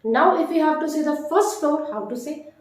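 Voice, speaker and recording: A woman teaching a vocabulary lesson, repeating each word slowly and deliberately. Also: high-pitched, expressive. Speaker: French teacher. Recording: very echoey room.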